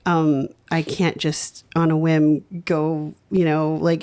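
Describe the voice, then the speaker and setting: A young woman, a singer and new mother, talking as a podcast guest in a soft, open, reflective way. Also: sits low, level tone, slow pace, few pauses, clear, resonant tone. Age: young adult. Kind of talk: casual interview chat.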